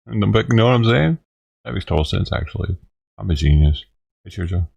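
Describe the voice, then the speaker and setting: Gravelly profane man ranting worked-up. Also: on the low side, expressive, brisk, a little mellow. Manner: agitated, profane, laughing. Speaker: vlogger feeding stray cats. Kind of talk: casual ranting vlog.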